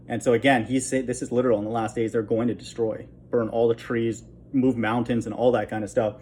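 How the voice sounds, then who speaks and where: A man's voice: mid-range voice, steady tone, fairly quick, a little mellow, a little hiss or hum. A man teaching a casual sermon from the Bible, blunt and conversational, who keeps checking in with "okay?" after each point. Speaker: preacher.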